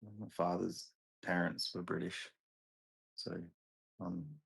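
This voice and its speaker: A man's voice: sits low, fairly even intonation, slow, creaky, breathy edge, poor audio. An Australian man with an Australian accent in a laid-back casual chat, telling stories with a chuckle.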